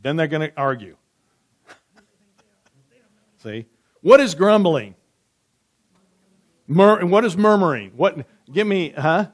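A man preaches in a church, his voice sitting a little high for a man. He reads scripture slowly and quietly. Between readings he turns chatty, asking his congregation questions and answering back. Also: animated. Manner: conversational, asks the room questions and answers back. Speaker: pastor.

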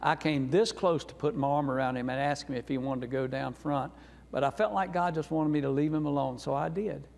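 The guest preacher's voice is fairly high and creaky, his pace brisk, with slight background noise. Originally from North Carolina, he shares his personal testimony in a folksy, earnest, warm way inside a reverberant church sanctuary.

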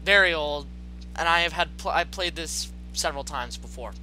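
A man hosting casual gameplay commentary at home late at night, excitable, goofy and full of jokes. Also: a little high, normal speed, soft background music, low-quality recording. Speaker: gaming host. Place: home gaming setup at night.

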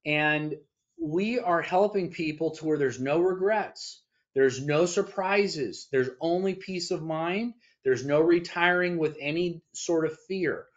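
A man's voice: on the high side, slow pace. Man, firm owner giving an interview, salesy and folksy, dull lo-fi sound. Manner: folksy salesman with homespun analogies. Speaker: retirement planning firm owner, guest. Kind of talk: interview answers. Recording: dull lo-fi audio.

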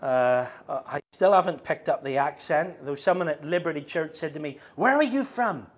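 A middle-aged man with a Northern Irish accent preaching a sermon, speaking slowly and deliberately with frequent ums and restarts. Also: a little high, fairly even intonation. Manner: slows down, halting with fillers.

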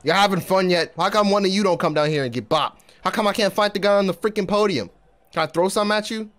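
A young man giving excitable, trash-talking commentary while playing a video game. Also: high-pitched, fast talker. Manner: excitable, trash-talking, swings from mumbling to shouting. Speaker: gaming YouTuber. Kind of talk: gameplay commentary.

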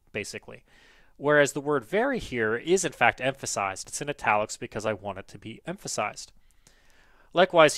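A man's voice: medium pitch, pushed and bright, no echo. A man giving a methodical, step-by-step technical explanation over a screen share, walking through examples. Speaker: programming educator.

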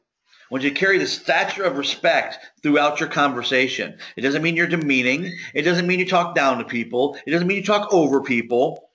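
A male sales trainer gives firm, direct coaching, stumbling briefly over fillers. His voice is bright and forceful. The audio sounds somewhat dull and low-fidelity. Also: a little fast. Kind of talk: coaching session.

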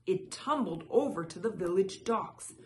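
A woman reading a children's picture book aloud in a soft, measured way. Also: medium pitch, animated, slight background noise. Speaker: storyteller.

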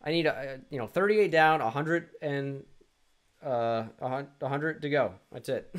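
A young man at a desk mic, talking to himself as he plays through a quiz. His voice sits in an ordinary middle pitch, and he mutters, restarts and teases himself about his own misses. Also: a little slow, long pauses. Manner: muttering, self-deprecating, thinking aloud with frequent restarts. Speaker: gaming YouTuber. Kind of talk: casual self-talk while playing a sports quiz.

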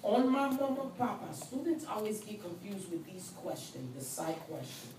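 A woman's voice: medium pitch, moderate pace, few pauses, noisy background. A woman nursing instructor lecturing a class, speaking emphatically and repeating key points while acting as the patient in the first person. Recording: roomy, far from mic, faint ambience.

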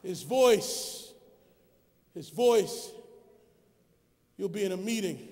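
A man pastor preaching a sermon, building to shouted emphasis and calling on the congregation to answer him. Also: high-pitched, lively intonation, very slow, pauses often, long reverb tail. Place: church sanctuary.

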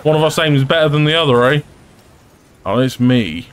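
A man's voice: a little high, normal speed, a little hiss or hum. Chatty male gameplay commentator. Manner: chatty, excitable, laughs often. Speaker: gaming YouTuber.

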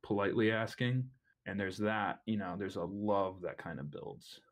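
A young man co-hosting a podcast, chatting casually about a film with halting starts and repeated words. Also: fairly low pitch. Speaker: podcast co-host.

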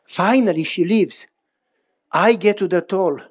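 Animated storytelling male pastor. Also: measured pace, slightly rough. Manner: animated, pitch swings up for emphasis, repeats phrases. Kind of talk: sermon with personal storytelling.

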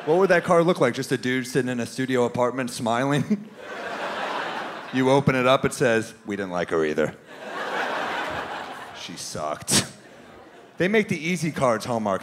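On a comedy club stage before a live audience, a New Yorker performs stand-up with a dry, deadpan delivery, dropping into lower voices for the people he quotes. It's a live club recording on a handheld stage mic, with crowd noise, audience laughter and club ambience.

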